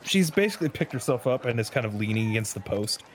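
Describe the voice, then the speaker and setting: A man narrating as game master of a tabletop game, relaxed and hedging. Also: medium pitch, fast talker, a little hiss or hum.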